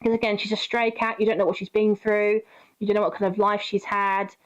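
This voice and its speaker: A woman's voice: medium pitch, level tone, fairly quick, clean tone, muffled recording. A woman streaming a game, telling a story in casual chat, swearing freely and answering her chat.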